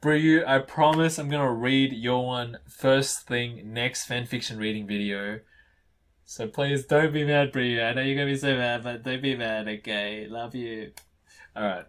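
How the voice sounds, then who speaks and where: A man's voice: medium pitch, steady tone, unhurried, fairly bright tone. A young man reading fan fiction aloud on camera, gushing and playfully reacting between passages. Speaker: YouTuber.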